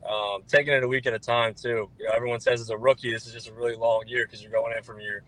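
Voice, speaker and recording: Fast-talking young man, flat delivery. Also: mid-range voice, poor audio. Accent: New Jersey. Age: 20s. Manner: relaxed, repeats filler words. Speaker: guest quarterback. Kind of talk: interview answers.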